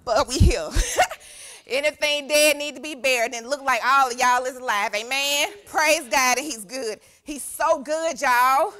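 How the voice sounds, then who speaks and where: A young woman preaching as a youth pastor exuberantly calls out to her church congregation, drawing call-and-response. Her high-pitched voice is pushed and bright, delivered unhurriedly.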